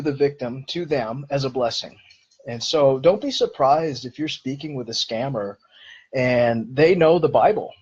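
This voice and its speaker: A man's voice: fairly high pitch, darkish tone, husky, lo-fi sound. A man hosting a live-streamed Q&A, answering viewer questions in an earnest, explanatory way.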